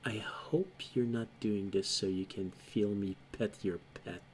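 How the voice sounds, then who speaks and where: A man voicing a horned young woman adventurer, speaking softly and teasingly to a dog. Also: lowish voice, fairly even intonation, measured pace, pitched below the performer's own voice, natural voice.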